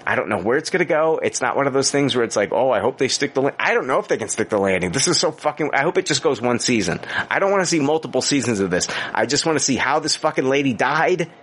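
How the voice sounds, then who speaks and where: Talking fast with hardly any pauses, this podcast co-host has a mid-range voice with a breathy edge. His casual, animated stories are packed with swear words and fillers.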